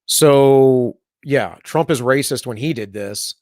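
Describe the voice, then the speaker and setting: A man with a mid-range, slightly dark voice speaks slowly in a clean, echo-free studio recording. Co-hosting a live talk show, he reads news headlines aloud and mocks them with sarcastic asides, sometimes slipping into mock voices, in casual political banter.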